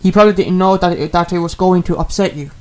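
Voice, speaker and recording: A man's voice: sits high, fast. A man, a streamer talking casually and earnestly, rambling and repeating himself with many fillers as he apologizes to a viewer.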